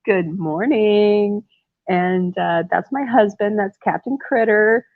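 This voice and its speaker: A woman's voice: mid-range voice, measured pace, gravelly, no room sound. A woman hosting a casual livestream from home, rambling and effusive, often breaking into laughter. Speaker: livestream host. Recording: tinny phone-like sound.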